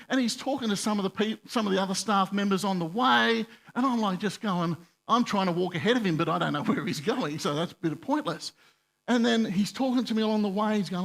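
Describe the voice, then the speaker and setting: A male pastor tells a personal story in a conversational, self-deprecating sermon, his voice a little high and a little fast. He gets animated when he retells dialogue.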